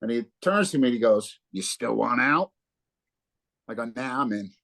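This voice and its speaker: A man's voice: mid-range voice, normal speed, creaky. A man in his fifties from New Jersey, a guitarist telling stories in a casual interview and acting out the dialogue with a lot of swearing. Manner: animated, profane storyteller acting out dialogue. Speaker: guest guitarist.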